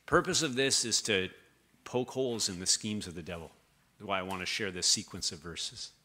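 Male preacher, lowish, bright tone; relaxed conversational sermon with scripture reading. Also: moderate pace.

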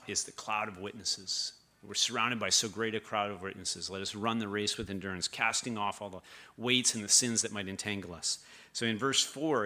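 Male preacher, lowish, bright tone; relaxed conversational sermon with scripture reading.

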